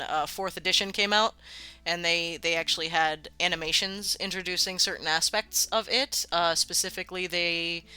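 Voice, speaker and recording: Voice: medium pitch, pushed and bright, clear, resonant tone. A streamer chatting casually while building a game world, rambling, laughing often and swearing freely. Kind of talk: casual live-stream chat.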